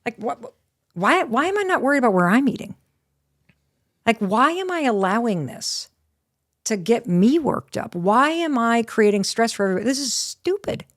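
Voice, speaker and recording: A middle-aged woman, a guest author, telling a personal story in a lively, candid way on a podcast interview, with casual swearing. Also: on the high side, normal speed.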